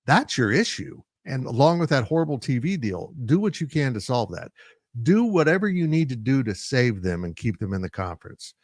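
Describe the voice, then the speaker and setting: Measured male sports analyst. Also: mid-range voice, a little mellow, no room sound, studio quality. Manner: measured, analytical, frequent fillers. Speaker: sports site publisher and analyst. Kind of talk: sports talk discussion.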